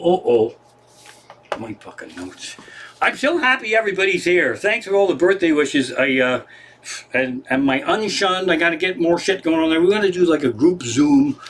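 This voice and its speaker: Guy comic livestreaming from his living room, rambly and profane, kinda raspy voice that bounces all over. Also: a little high, fairly bright tone. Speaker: comedian. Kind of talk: rambling stand-up monologue on a livestream.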